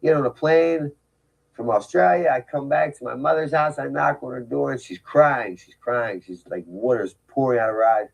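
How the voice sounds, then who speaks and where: Gravelly and medium-pitched, this man's voice moves at a moderate pace over a low-quality recording. He is sharing his recovery story, talking about his past frankly and forcefully, with frequent rhetorical asides, in a personal storytelling style.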